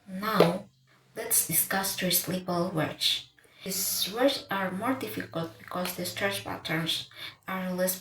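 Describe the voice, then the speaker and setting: A woman's voice: on the low side, noisy background. A woman giving an English pronunciation lesson, speaking carefully and often restarting or repeating words as she goes. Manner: restarts words, repeats them while reading notes. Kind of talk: slow, careful lesson delivery. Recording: echoey room with faint ambience.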